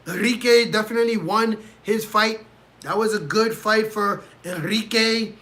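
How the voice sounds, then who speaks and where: Speaking a little slowly in a high, pushed, bright voice, a man hosts a casual livestream from a room at home. He reacts to fights, ranting in exasperation straight to his chat.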